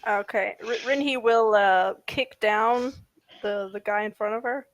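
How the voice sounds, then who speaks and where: A woman at a tabletop game hesitantly describes her character's action. Her voice sits at a middle pitch and sounds dry and close, with no room echo. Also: a little slow. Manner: hesitant, unsure. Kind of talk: casual chat at a game table.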